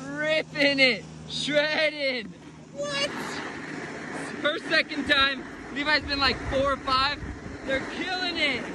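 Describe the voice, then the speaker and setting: A man's voice: very high voice, expressive, slow pace, noisy background. A man vlogging casually, upbeat and laughing often. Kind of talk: casual vlog narration. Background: loud background music.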